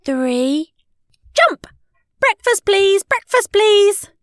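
An eager little girl , put on by a woman reading a storybook, with a childlike voice pitched up high. She talks brightly and cannot wait for her breakfast. The sound is close and dry, with no room around it. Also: very animated, slow pace, no room sound. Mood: excited. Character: cheerful hungry little girl, eager and impatient.

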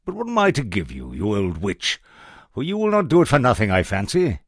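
A man with a gravelly voice voicing a bold young soldier in a fairy tale, talking quicker and higher than his narration. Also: wildly swooping pitch, dry recording, clean studio sound, heavily acted. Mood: brash.

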